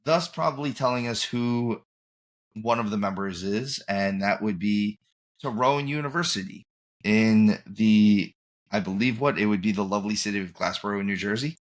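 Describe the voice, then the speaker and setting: A man's voice: on the low side, normal speed. A man hosting a podcast in casual chat, rambling and often trailing off and restarting mid-thought. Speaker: podcast host.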